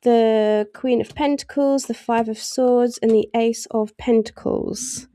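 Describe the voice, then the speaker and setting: A woman's voice: a little high, steady tone, slow, warm tone, no echo. A woman giving a casual tarot reading, chatty and laughing often as she acts out little voices in asides. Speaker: tarot reader.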